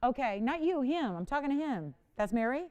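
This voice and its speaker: A woman in her forties with a fairly high, smooth and clear voice hosts a live jewelry sale on a shopping channel. She talks in a chatty, bubbly way, laughing often between pitches. The sound is a clean studio recording. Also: sing-song, fairly quick, a little mellow, dull audio. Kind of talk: live home-shopping presentation. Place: television studio.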